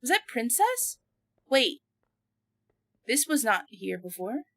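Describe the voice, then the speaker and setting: A woman's voice: a little high, big pitch swings, slow, a bit bright, no room sound. A young woman streaming a horror game, nervously talking to herself and her chat as she explores. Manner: jittery and talkative, asking the game questions. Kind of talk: live-streamed gameplay commentary.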